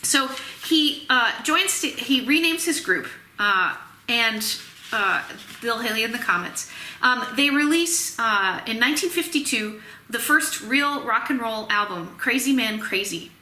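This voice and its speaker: A woman's voice: a little high, lively intonation, a little slow, pushed and bright. A woman giving a recorded music history lecture in a chatty way, with many fillers and restarts. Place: Tennessee. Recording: echoey room.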